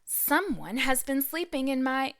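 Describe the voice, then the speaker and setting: A flustered mama bear fusses about her bed in a storybook read-aloud, a woman acting her out. Her voice sits high and bright. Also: lively intonation, unhurried, no echo, studio quality, exaggerated voice. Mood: fussy. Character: fussy female mama bear.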